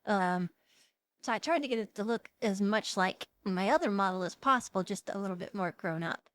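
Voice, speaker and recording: A young woman hosting a live stream, chatting casually with viewers, giggling often and filling pauses with "um" and "uh.". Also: medium pitch, expressive, a bit bright, dry recording. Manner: chatty, giggly, lots of fillers. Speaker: VTuber streamer host.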